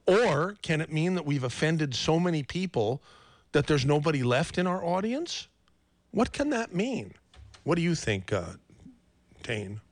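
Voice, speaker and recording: A man's voice: a little high, very animated, measured pace, dry recording. A man hosting a live call-in radio show, fumbling and repeating himself with self-mocking humor.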